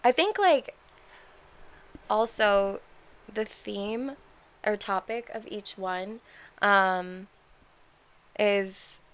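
A woman's voice: mid-range voice, drawn-out words, long pauses, fairly bright tone, smooth. A woman co-hosting a casual chat, rambling with many fillers and restarts. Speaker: podcast co-host.

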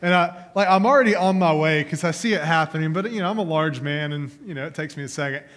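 A young man gives a youth sermon in a relaxed, conversational way. His voice sits slightly high for a man, and he moves from questions for the audience into family stories. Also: fast talker. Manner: conversational, storytelling with questions to the crowd. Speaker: youth pastor.

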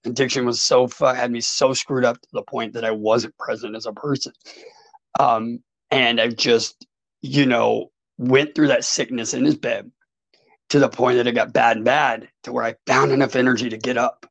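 A man's voice: mid-range voice, fairly even intonation, moderate pace, gravelly, no echo, rough recording. A man as a podcast guest, candidly telling his addiction and recovery story in a raw, emotional way and swearing freely.

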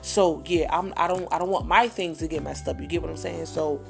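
Gravelly, heated storyteller. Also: mid-range voice, steady tone, brisk, faint music behind. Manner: profane, repetitive, heated. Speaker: vlogger. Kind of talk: casual storytelling.

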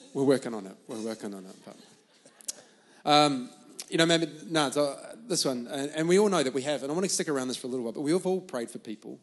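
A man's voice: a little high, brisk. Man, church host, chatty, enthusiastic, laughs a lot, asks panel questions.

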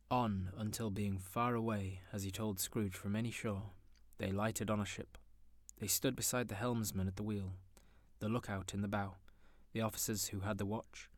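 A man narrating a classic story in an expressive, theatrical manner. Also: lowish voice, dry recording, studio quality. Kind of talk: audiobook narration.

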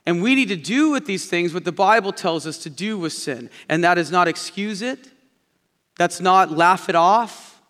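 A male pastor delivering a sermon in a fairly high voice, storytelling and driving points home by repeating them. His words carry a long reverb through a large church sanctuary. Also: animated, normal speed, a bit bright. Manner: storytelling preacher, repeating key phrases.

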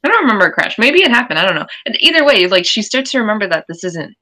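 A woman co-hosting a podcast, casually recapping a TV episode, blunt and quick to swear. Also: medium pitch, sing-song, sharp tone. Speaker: podcast co-host.

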